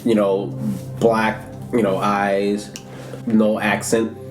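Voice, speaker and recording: A man's voice: lowish voice, level tone, takes it slowly. A man co-hosting a casual podcast, recapping the story and adding dramatic asides. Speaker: podcast co-host. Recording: roomy sound with faint guitar music.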